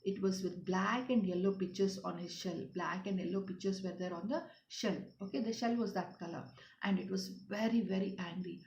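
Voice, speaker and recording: A woman's voice: mid-range voice, steady tone, moderate pace, darkish tone, a little hiss or hum. Woman teacher explaining to children. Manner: repetitive, questioning, often asks "children". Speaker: English teacher. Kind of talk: explaining a story to schoolchildren. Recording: roomy, dull lo-fi sound.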